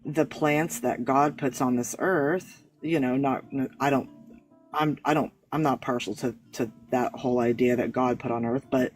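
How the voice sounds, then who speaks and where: A man's voice: medium pitch, fairly even intonation, moderate pace, soft background music, low-quality recording. A man, a guest on a live talk show, explaining his spiritual beliefs in an earnest, rambling way with many restarts. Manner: earnest, rambling, self-correcting. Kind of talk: casual discussion.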